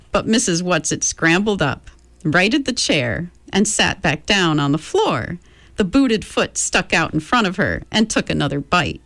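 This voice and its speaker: A woman radio host reads a story aloud expressively and chats casually between songs. Her reading is slow with a lively, moving pitch and a fairly low voice. The sound is dry and close. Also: no echo. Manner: warm and expressive reader, chatty between songs.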